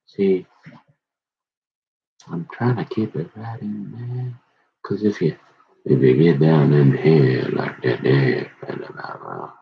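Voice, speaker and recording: A man reading scripture aloud slowly, drawing out words and breaking off into joking casual asides. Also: low voice, fairly even intonation, creaky, dull audio, slight background noise. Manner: slow, drawn-out reading broken by joking chatter. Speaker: Bible reader.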